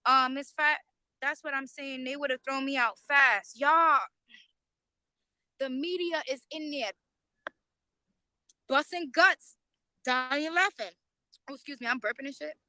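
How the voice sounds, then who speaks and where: A woman chatting live to her viewers on a phone, high-pitched and loud, with plenty of swearing. Her voice is bright and sharp, and the sound is close and dry with no room echo. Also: measured pace, long pauses. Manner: animated, profane, talks straight to viewers. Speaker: YouTube livestreamer. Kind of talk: casual live-stream commentary. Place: outside a courthouse overflow room.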